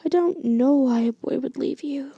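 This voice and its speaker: A woman's voice: high-pitched, moderate pace, vocal fry, no echo, dull audio. A woman voicing a predatory male teacher with a creepy, coaxing manner, as a whispered story reading.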